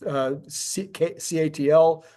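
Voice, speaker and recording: A man's voice: on the high side, steady tone, unhurried, dark tone. Rambling enthusiastic man talking tech. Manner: enthusiastic, rambling with repeated restarts. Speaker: podcast co-host. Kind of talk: casual tech discussion.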